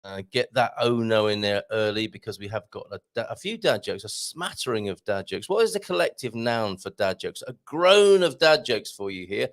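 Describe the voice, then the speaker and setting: A man's voice: lowish voice, big pitch swings. A man hosting a casual live stream, reading out viewer comments with playful, self-deprecating asides. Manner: chatty and jokey, with self-deprecating asides and quick laughs. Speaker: host of a live show.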